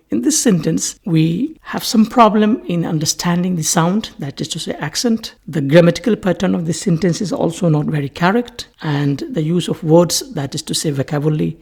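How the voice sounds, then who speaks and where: Guy lecturing on linguistics, kinda gravelly and husky, says everything a few different ways. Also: on the high side, a little mellow. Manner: slow, repetitive explaining, restating each point several ways. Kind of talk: recorded lecture.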